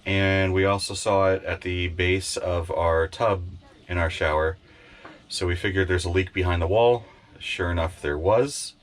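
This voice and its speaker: A man talking casually for a vlog in an easygoing, chatty way, pausing with fillers as he goes. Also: deep voice, steady tone. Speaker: vlogger.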